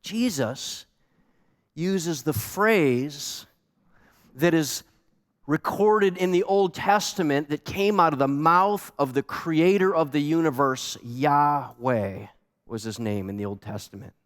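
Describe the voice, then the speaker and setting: A male pastor preaching a sermon, earnest and animated, repeating words for emphasis. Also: fairly high pitch, slow, in a large hall. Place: church sanctuary.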